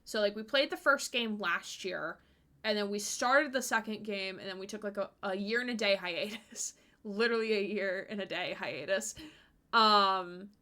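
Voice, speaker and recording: A woman's voice: mid-range voice, moderate pace, bright, forceful tone. A woman streamer giving casual, chatty let's-play commentary, giggly and full of fillers.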